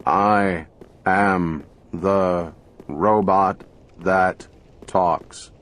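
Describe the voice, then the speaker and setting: A man voicing a huge, immobile male talking robot in an audiobook, speaking flatly without intonation. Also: extremely slow, heavily acted. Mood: flat mechanical. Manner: booming, flat, without intonation.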